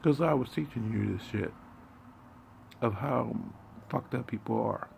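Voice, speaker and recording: A man delivering a profane, confrontational monologue in streetwise slang. He swings between hushed muttering and sudden loud outbursts. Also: medium pitch, unhurried, gravelly, pauses often, breathy edge. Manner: streetwise slang, heavy swearing.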